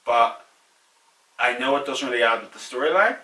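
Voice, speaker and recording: A young Irish man talks candidly through viewer questions in a casual vlog, often laughing at himself. His voice is bright and forceful. It sounds echoey, with the mic set back from him. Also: medium pitch, animated, normal speed, recorded from a distance. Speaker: YouTuber answering viewer questions.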